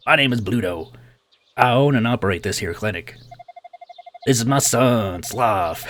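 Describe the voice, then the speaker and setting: A man's voice: mid-range voice, a little hiss or hum, close to an everyday voice. Guy doing a folksy southern doc dad, friendly and easygoing. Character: friendly middle-aged male village doctor, a father.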